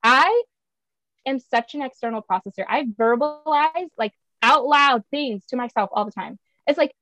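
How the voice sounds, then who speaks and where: A woman's voice: high-pitched, moderate pace, sharp tone, no room sound, poor audio. A young woman talking casually on a podcast, chatty and laughing often, acting out her own voice when quoting herself. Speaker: podcast guest.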